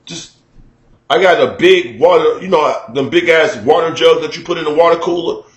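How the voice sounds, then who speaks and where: A man telling a story to his camera in a casual, animated, profane way, acting out shouts at a neighbor, recorded in a room at home. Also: on the high side, normal speed, roomy sound. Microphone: camera mic.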